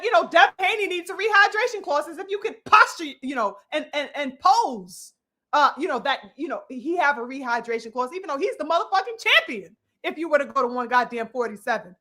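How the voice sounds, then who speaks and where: A woman's voice: extremely high pitch, animated, brisk, bright, forceful tone. A woman giving a heated, profane commentary monologue with emphatic delivery and frequent "you know" fillers. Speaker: boxing commentator.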